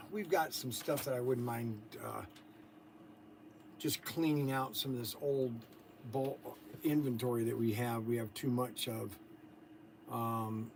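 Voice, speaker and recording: A man's voice: mid-range voice, a little hiss or hum, poor audio. A man who runs a toy shop, chatting easily on the phone and to the camera with an easygoing manner. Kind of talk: casual livestream and phone talk.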